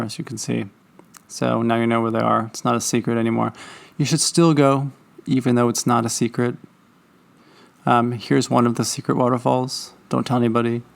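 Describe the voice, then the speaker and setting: A man's voice: medium pitch, creaky. A man hosting a travel vlog, narrating in a playful, teasing, mock-dramatic way.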